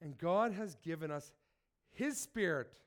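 A man's voice: a little high, animated, measured pace. A man who is sick, reading scripture and preaching, earnest and asking his listeners direct questions. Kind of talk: sermon with Bible reading.

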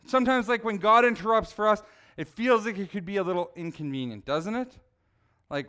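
A man's voice: high voice, very animated, moderate pace, a bit bright, clean tone. A middle-aged man giving a casual sermon, talking conversationally, asking his listeners questions and acting out people's reactions. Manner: conversational, asks the audience questions, acts out people. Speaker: preacher.

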